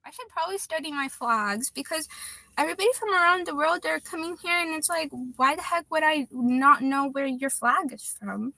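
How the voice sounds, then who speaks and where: A woman's voice: high voice, expressive, moderate pace, gravelly, bright, forceful tone, dry recording. A woman in her twenties chatting casually on a livestream, reading viewer comments aloud and laughing often. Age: 20s.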